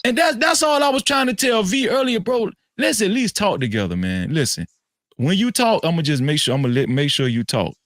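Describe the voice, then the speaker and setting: A man on a podcast panel, lecturing and swinging from low murmurs to shouts. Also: very animated, fairly quick, no room sound, clean studio sound. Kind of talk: heated panel talk. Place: live-stream podcast studio.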